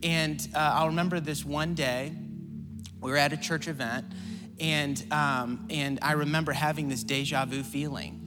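A man preaching a sermon as pastor. He repeats phrases and calls on the congregation to answer back, swinging from rising, shouted appeals to quiet storytelling. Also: on the high side, steady tone, normal speed, music in the background. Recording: long hall reverb.

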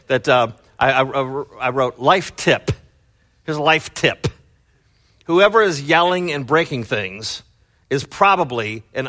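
A middle-aged man preaching in a loose, conversational way, scattering fillers as he goes. His voice sits fairly high for a man and has a bright, forceful edge. He drops to low asides, then climbs into loud, excited bursts. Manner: loose, chatty delivery with many fillers. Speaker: pastor. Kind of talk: conversational sermon.

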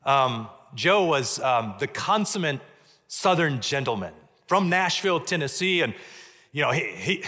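A man preaching a sermon as pastor, measured, dropping low and soft on key points. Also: big pitch swings. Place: church sanctuary. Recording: long church reverb.

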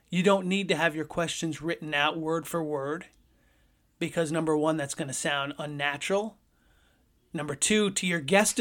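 Man, podcast host, slightly high voice, animated storytelling, conversational.

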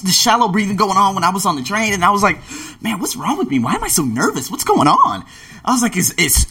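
In a relaxed travel vlog, a man in his late twenties brings his stories to life with gasps and small character voices. His voice is a little high, bright and forceful.

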